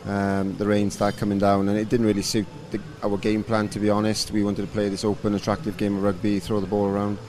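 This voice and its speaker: A man in his thirties, a rugby coach, answering interview questions in a relaxed, rambling way with lots of fillers. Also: fairly low pitch, quick pace, hardly any pauses, slight background noise. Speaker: rugby coach and former player.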